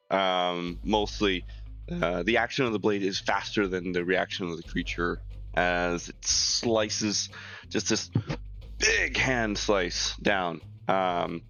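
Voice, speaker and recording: A man playing a tabletop game as a player, talking in a halting way with many ums and uhs. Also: low voice, vocal fry, sharp tone. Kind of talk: tabletop role-play as a player.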